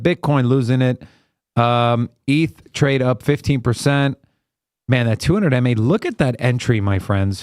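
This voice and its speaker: A man's voice: mid-range voice, no echo, clean studio sound. A man hosting a live trading stream, chatting with viewers by name and calling out chart patterns in a hyped, casual way.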